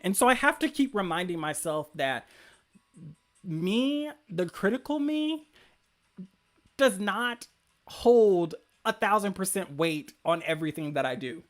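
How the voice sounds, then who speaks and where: A man hosts a casual livestream and reads his chat aloud. He cheers his viewers on in an upbeat, hype-man way. His talk is quick and loose, full of fillers and restarts. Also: high-pitched, lively intonation. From rural area. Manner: upbeat and hyping, fast with many fillers. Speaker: livestream host reading chat comments. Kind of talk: casual live-stream chat.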